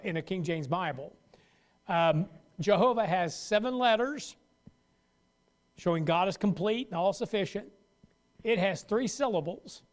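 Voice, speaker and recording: A high-pitched man, a pastor, leads a casual, conversational Sunday school Bible lesson. He frequently stops partway through sentences and restarts them.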